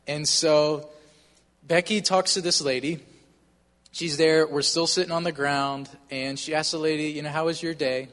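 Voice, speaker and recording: A man's voice: a little high, steady tone, moderate pace, fairly bright tone, in a large hall. A man casually telling a personal story, with frequent fillers and a conversational, earnest manner. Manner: conversational, many fillers like "you know".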